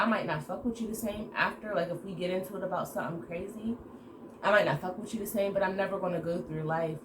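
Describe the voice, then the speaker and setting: A woman telling a casual story to her viewers in an animated way, acting out the dialogue. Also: fairly low pitch. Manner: animated retelling with acted-out quoted dialogue. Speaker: storytime vlogger. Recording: echoey room with background noise.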